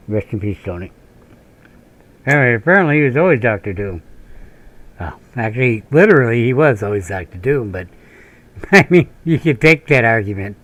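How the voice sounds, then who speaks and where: A man's voice: mid-range voice, very animated, normal speed, pauses often, fairly bright tone. A man from northern Minnesota who hosts a gaming channel, rambling through profane personal stories and tangents while he plays. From northern Minnesota, USA. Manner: meandering, profane storytelling with frequent laughs and tangents. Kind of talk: rambling commentary during gameplay.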